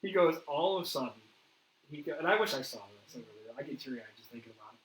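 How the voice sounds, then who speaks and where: Talking quickly in a somewhat high voice, a male host who investigates the paranormal tells animated stories in a casual interview and performs the dialogue he quotes. The recording has room echo and some faint noise.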